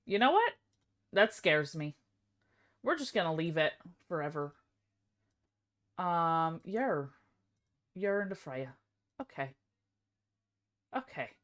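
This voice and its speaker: A young woman live streamer chatting casually, excitable and self-deprecating. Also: fairly low pitch, takes it slowly, pauses often.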